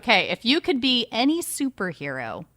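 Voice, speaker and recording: A young woman co-hosting a podcast, bubbly and quick to laugh and exclaim. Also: on the high side, wildly swooping pitch, a bit bright, dry recording, clean studio sound. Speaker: podcast co-host. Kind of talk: casual interview chat.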